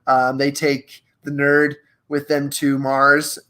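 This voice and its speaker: A young man with a slightly high voice hosts a live coaching stream. He talks energetically and playfully, reading passages aloud and chatting directly to his viewers. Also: slow. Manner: energetic, playful, reads aloud from a book and retells movie scenes. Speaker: host of a live social media show.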